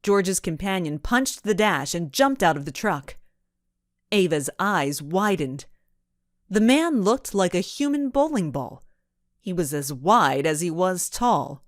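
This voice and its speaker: A woman narrates a children's mystery audiobook in a lowish, expressive voice that rises and falls with the action. She reads at an unhurried pace, and the recording is close and dry with no room sound. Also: no room sound. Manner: expressive storytelling.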